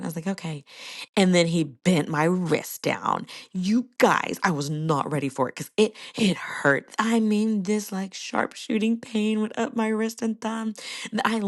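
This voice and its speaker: A woman's voice: on the low side, creaky. A young woman hosting a casual solo podcast, chatting to listeners and laughing often. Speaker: podcast host.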